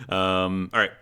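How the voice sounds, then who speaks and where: Deep bright-voiced man running a game. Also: clean tone. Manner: hesitant, many fillers and restarts. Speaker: game master. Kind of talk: guiding character creation in a tabletop game.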